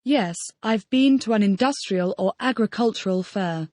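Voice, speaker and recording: A woman's voice: mid-range voice, normal speed, darkish tone, dry recording, studio quality. A woman reading the model answers in a scripted audio language lesson, repeating each question as a full-sentence answer. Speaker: model student answering drills.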